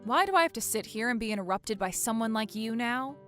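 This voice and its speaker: A woman's voice: on the high side, lively intonation, a little fast, a bit bright, soft background music. A woman playing a fed-up, exasperated wife in a dramatized story, talking indignantly. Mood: frustrated.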